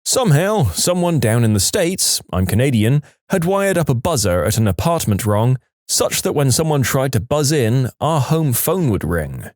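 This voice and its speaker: A male storyteller reads listener stories in a lively, swinging voice that rises and falls freely. The sound is dry and close, with no room around it. He slips into quick voices for the callers as the tales go. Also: medium pitch, no room sound. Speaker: story narrator. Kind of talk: reading reddit stories aloud.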